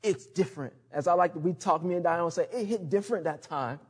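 A man preaching a conversational sermon, laughing often and dropping low and soft on key words. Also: brisk, husky. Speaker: pastor.

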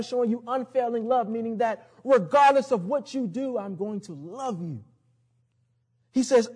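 A man preaching a conversational sermon, laughing often and dropping low and soft on key words. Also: moderate pace, breathy edge. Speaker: pastor.

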